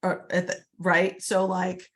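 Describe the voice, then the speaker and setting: A woman's voice: on the low side, completely flat delivery, measured pace, fairly bright tone. A woman coaching real estate agents in a live online session, chatty and upbeat, often calling her audience guys, on a computer mic.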